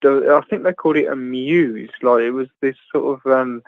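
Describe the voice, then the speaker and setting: Speaking at a moderate pace in a mid-range voice with vocal fry, a guest on a livestream trades casual banter, cracking crude jokes, laughing often, and tripping over fillers. The call audio is dry and tinny, phone-like.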